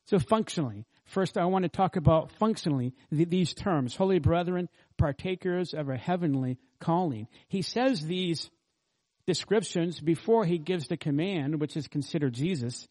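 A man's voice: on the high side, normal speed, darkish tone. A man pastor preaching an expository sermon, earnestly teaching and asking the congregation rhetorical questions.

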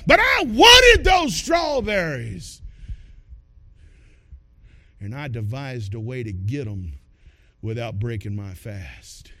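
A male pastor tells his sermon like a folksy, animated story. For a man his voice sits very high, bright and sharp, swinging widely and breaking into shouted bursts for emphasis.

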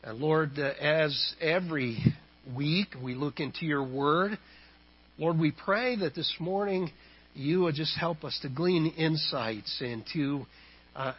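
Husky, slow-speaking male pastor. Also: on the high side, highs cut off. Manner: halting, many fillers and restarts. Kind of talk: sermon with prayer.

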